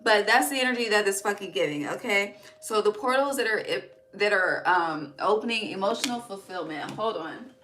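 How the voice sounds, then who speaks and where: With slight background noise behind her, a young tarot reader speaks animatedly at a moderate pace with few pauses, her medium-pitched voice fairly bright. The casual card reading turns emotional, nearly tearful, with free swearing and frequent "okay"s and "all right"s.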